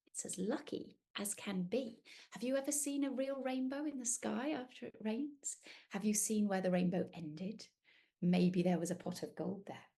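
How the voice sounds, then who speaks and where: A British woman reading a picture book aloud to young children, animated and sing-song, asking them questions and inviting them to join in. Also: sits high.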